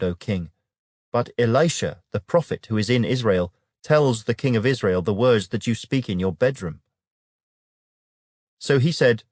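A man with a fairly low voice gives a measured, solemn scripture reading. The sound is close and dry, with no room around it. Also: a little mellow, dry recording. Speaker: Bible reader.

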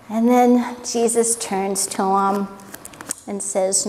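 A woman's voice: mid-range voice, steady tone, slow, dark tone, long reverb tail, slight background noise. A woman teaching a Bible story as a sermon, telling it with animation and acting out what the people said.

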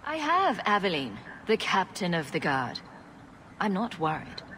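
An actress playing a resolute woman hero in a game, speaking in a calm, reassuring way. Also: on the low side, unhurried, slight background noise. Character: resolute woman hero leading her companions.

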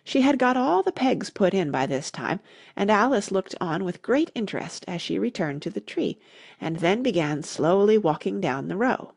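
A woman narrating an audiobook in an expressive storytelling manner. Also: mid-range voice, moderate pace, gravelly, husky, no room sound, studio quality. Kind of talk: scripted narration.

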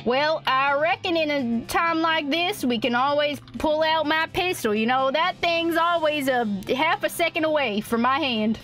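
A woman's voice: high voice, expressive, measured pace, a bit bright. A young woman streaming a game, reading its text aloud and chatting in a hammy, folksy put-on cowboy drawl. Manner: reads game text aloud, laughs often. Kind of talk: playful let's-play commentary. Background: faint game music.

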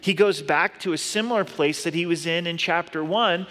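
A middle-aged man preaches from the pulpit, his voice sitting a little high for a man. He talks in an earnest, conversational way and drops in playful asides. His words ring out with the long reverb of a big hall. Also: normal speed, a bit bright. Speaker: pastor. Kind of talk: sermon.

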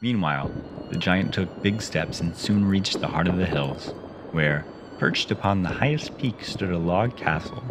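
A man reading a children's story aloud and breaking in with sarcastic, deadpan asides. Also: low-pitched, measured pace, background noise. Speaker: reader and host. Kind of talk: audiobook reading with sarcastic commentary.

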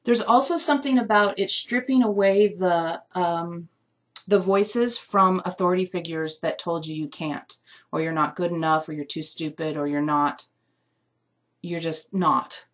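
Low-voiced woman musing through a reading. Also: measured pace. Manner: musing, searching for words with many fillers; emotional, close to tears. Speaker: essential oil reader. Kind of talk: live intuitive reading.

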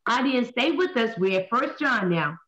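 A woman, hosting a Bible talk show as a minister, preaching in an animated way and asking and answering her own questions. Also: a little high, moderate pace. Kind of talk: animated Bible study teaching. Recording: dull lo-fi sound.

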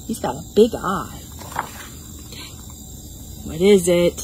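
Woman, children's librarian, toddler storytime, slow patient delivery, animal-sound mimicry, outdoors, faint background hum. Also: fairly low pitch, lively intonation. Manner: sing-song, coaxing, mimics animal sounds.

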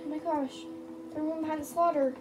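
A young woman co-playing a game, excitable and teasing, often squealing. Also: sits high, fairly quick, a little hiss or hum. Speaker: co-player. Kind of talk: casual let's-play chat.

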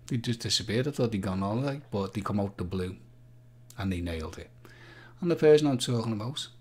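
A man's voice: lowish voice, a little mellow. A man hosting a live-stream quiz, chatting playfully and joking with the viewers. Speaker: livestream quiz host.

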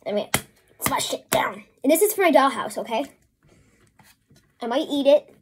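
A vlogger with a high, expressive voice speaks at normal speed, chatting casually through her messy home crafting video at a work table indoors. As things go wrong she becomes flustered and keeps apologizing, over slight background noise.

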